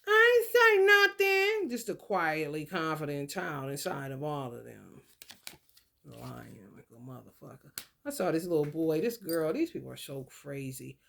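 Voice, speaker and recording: A woman's voice: low-pitched, normal speed, creaky, a little hiss or hum. A woman who reads tarot, ranting in a casual spiritual vlog with blunt, emphatic and profane speech.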